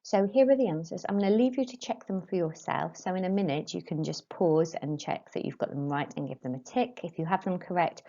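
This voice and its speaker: A woman teacher giving brisk, friendly instructions in a recorded language lesson. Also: lowish voice, dark tone. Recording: dull lo-fi audio.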